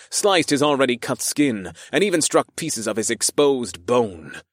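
A man's voice: mid-range voice, dry recording. A man narrating a first-person fantasy audiobook with a dramatic, wry delivery on a close mic.

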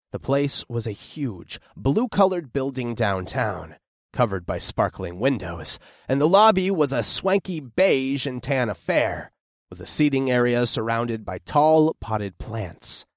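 A man narrating a first-person audiobook with lively, widely moving intonation and a mid-pitched voice. His descriptive storytelling is close-miked, and the recording is dry, with no room echo.

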